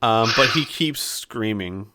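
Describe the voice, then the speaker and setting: A man running a tabletop game, narrating slowly with many pauses and fillers. His tone is bright and his pitch sits in the middle. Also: lively intonation. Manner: hesitant, full of fillers. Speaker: game master.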